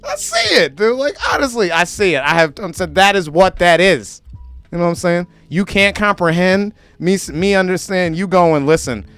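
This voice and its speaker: A man's voice: sits high, very animated, normal speed, fairly bright tone, smooth, no echo, faint music behind. A man hosting his own show, ranting animatedly to camera in a profane, comedic way and slipping into mocking voices. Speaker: show host.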